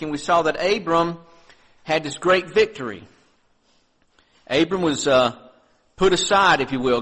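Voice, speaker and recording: A man's voice: on the high side, low-quality recording. Earnest male pastor preaching a sermon. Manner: earnest preaching, rising on scripture readings, dropping soft on reflections.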